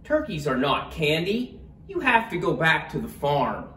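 Brief: bossy storybook Christmas elf, voiced by a man, high and loud, roomy and distant. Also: very animated, a little slow, exaggerated voice. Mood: stern. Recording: roomy, distant, faint room noise.

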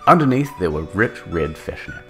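A man's voice: fairly low pitch, big pitch swings, normal speed, faint music behind. A man narrating a comedic dramatic reading, mock-dramatic with sardonic asides.

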